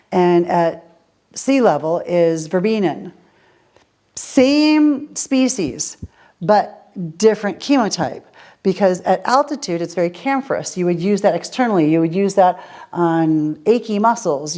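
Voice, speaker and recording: In a lowish, darkish voice, a woman teaches essential oils to a group in a casual Q&A class. She explains through everyday examples and asks her listeners rhetorical questions.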